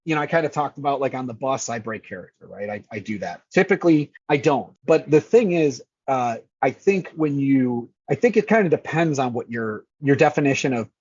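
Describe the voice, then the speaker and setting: Man, husky voice, energetic, swears casually, dry lo-fi sound. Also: medium pitch, fairly quick, hardly any pauses, dry recording. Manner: energetic, swears freely, acts out lines. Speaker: scare actor manager. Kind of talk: casual interview talk.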